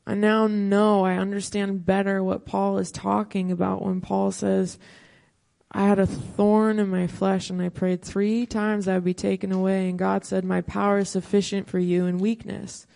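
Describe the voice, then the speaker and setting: A woman's voice: medium pitch, little pitch movement, moderate pace, creaky, dark tone. A woman pastor in her thirties telling a personal testimony, earnest and storytelling, quoting her own prayers.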